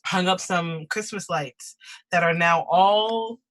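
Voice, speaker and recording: A young woman chats from her bedroom on a video call, her bright, sharp voice full of restarts and quick laughs. She comes across as a casual singer-songwriter talking about her own song. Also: on the low side. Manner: chatty, laughing, many restarts. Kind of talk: casual chat and acoustic singing. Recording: guitar music behind the singing.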